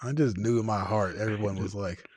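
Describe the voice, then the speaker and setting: A man's voice: fairly low pitch, steady tone, fairly quick, a little mellow, no echo, clean studio sound. A man from Northern California co-hosting a podcast in casual chat, giving blunt, joking opinions. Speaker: podcast co-host.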